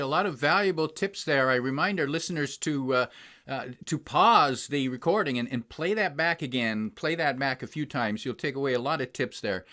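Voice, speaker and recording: A man's voice: a little high, fairly bright tone. A man hosting a podcast who wraps up an interview and encourages his listeners directly. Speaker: podcast host.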